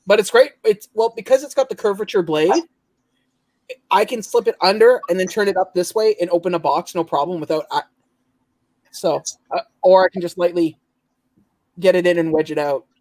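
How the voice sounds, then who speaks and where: Casual host from Ontario, male, high voice, dry close sound, rambling and laughing. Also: normal speed, darkish tone, no echo, rough recording. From Ontario, Canada. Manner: chatty, laughs often, trails off and restarts. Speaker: host of a late-night collectors' stream. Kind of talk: casual chat.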